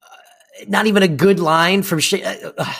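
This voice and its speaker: A woman's voice: lowish voice, steady tone, moderate pace, gravelly, a bit bright, slightly rough. A young woman co-hosting a podcast, chatting casually about a sitcom with playful, jokey asides. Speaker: podcast co-host.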